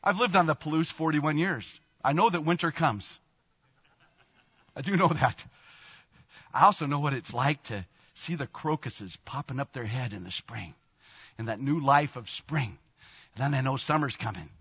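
A man in his sixties preaching a sermon in a church, animated, laughing often and bursting into exclamations. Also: mid-range voice, moderate pace, slightly rough. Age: 60s. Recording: long reverb, dull lo-fi sound.

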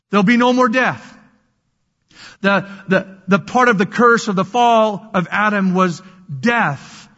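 High-voiced man preaching in a hall. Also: a little slow, muffled recording. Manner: dramatic swings from loud to hushed whispers; repeats words and restarts phrases. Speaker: pastor. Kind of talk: sermon.

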